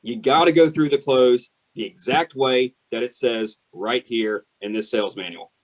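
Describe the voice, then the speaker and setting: A man's voice: mid-range voice, normal speed. A man coaching salespeople emphatically on a team call. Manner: emphatic, direct coaching with "y'all". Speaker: sales trainer.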